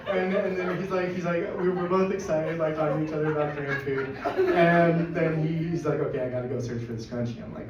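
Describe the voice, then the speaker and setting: A man telling a personal story at a live storytelling event, excitable and laughing through it. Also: a little high, fast, few pauses, a crowd in the background. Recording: echoey, distant, dull live recording with noise.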